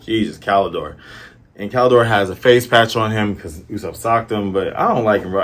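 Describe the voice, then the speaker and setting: A man's voice: lowish voice, brisk. A man from the American South talking through a manga chapter in a chatty, musing way. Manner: chatty, musing, lots of fillers. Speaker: manga reviewer. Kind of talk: casual commentary.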